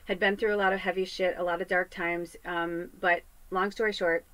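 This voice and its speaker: A woman's voice: fairly low pitch, flat delivery, moderate pace, a bit bright, no room sound, low-quality recording. Rambling, chatty woman medium. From US West Coast. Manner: rambling, chatty, swears freely. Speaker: psychic medium. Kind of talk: casual spiritual monologue. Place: home podcast set.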